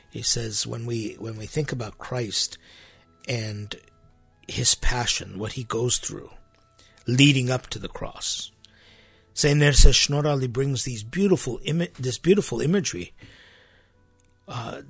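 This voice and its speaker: A man with a gravelly, slightly husky voice teaches on Scripture as a podcast host, speaking in an emphatic, conversational way with asides. He is recorded close and dry. Faint music plays beneath him. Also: mid-range voice, a little slow, a bit bright, dry recording.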